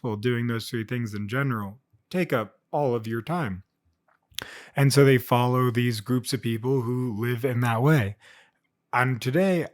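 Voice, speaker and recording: A man hosting his own video channel, telling a rambling, jokey story in casual unscripted talk, with quick little voiced asides. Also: mid-range voice, no room sound, studio quality. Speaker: vlog host.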